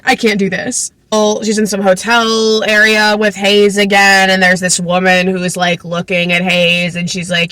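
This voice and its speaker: Woman in her twenties, casual book recap vlog, bright voice, filler-heavy chatter, sarcastic asides. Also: lowish voice, level tone, moderate pace, few pauses, no echo. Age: 20s. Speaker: book vlogger.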